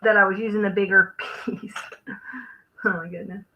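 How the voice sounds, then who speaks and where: Her tone is sharp and her intonation fairly even, with a medium pitch and moderate pace, as she hosts a live crafting stream. She chats casually, thinks aloud while working, and trails off, all captured in a rough recording.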